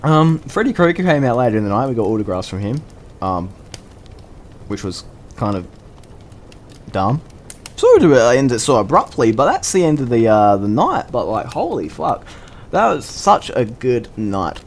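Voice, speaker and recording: A man telling a story to the camera in a loose, excited way, full of swearing and restarts. His voice sits at an ordinary middle pitch. He talks casually, like a vlogger chatting to his viewers. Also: normal speed, pauses often. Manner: animated, profane, rambling.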